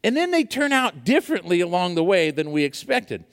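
Man preaching, chatty and animated, lively pitch, reverberant hall. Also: a little fast. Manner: animated storytelling with many fillers. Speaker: pastor. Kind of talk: sermon.

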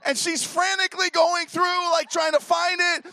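A man in his forties telling a story to a live audience at an event, animated and acting out the voices of the people in it. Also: very high-pitched, normal speed, gravelly. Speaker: speaker at a youth leader event.

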